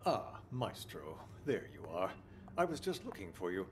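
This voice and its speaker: An actor playing a polite, flattering male gallery owner in a game. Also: sits low, normal speed, a little hiss or hum. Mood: fawning. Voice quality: polite and fawning.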